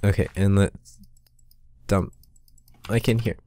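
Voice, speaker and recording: Deep-voiced guy talking through his game, mumbly asides, then yelps when stuff goes wrong. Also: fairly even intonation, slow, darkish tone. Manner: chatty, muttering asides, sudden exasperated outbursts. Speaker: gaming channel host. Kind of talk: casual gameplay commentary.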